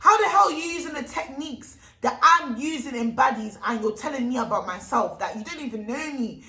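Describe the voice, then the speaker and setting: A young woman tells a storytime vlog with animated, emphatic delivery and heavy slang. Her voice sits a little high. The room adds a noticeable echo. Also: a little fast. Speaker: vlogger. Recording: echoey room.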